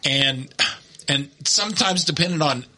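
A man's voice: on the high side, measured pace, bright, forceful tone, slight background noise. A man hosting a casual podcast chat, chatty and laughing often. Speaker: podcast host.

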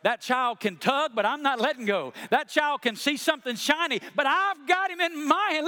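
A male pastor delivers a sermon in a high, bright, ringing voice. He repeats his key lines and calls on the congregation to answer. His delivery sweeps from hushed, slow phrases to loud, soaring ones. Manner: preaching, building from soft and slow to loud and high.

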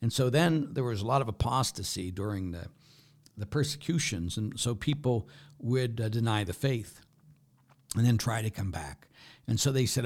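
A man, a Catholic priest, giving a plain-spoken, conversational sermon and checking in with the listeners with a quick "huh?". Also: medium pitch, lively intonation.

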